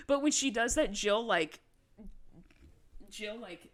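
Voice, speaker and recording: A woman co-hosting a podcast in a casual recap chat, animated and swearing, acting out quotes in different voices. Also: mid-range voice, moderate pace. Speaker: podcast co-host.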